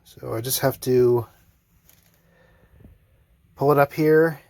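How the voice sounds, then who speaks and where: This older man has a medium-pitched, darkish voice with vocal fry, speaking slowly and with fairly even intonation. Inside his sailboat cabin, he casually narrates the motor refit on his boat engine, dry and self-deprecating and heavy on fillers.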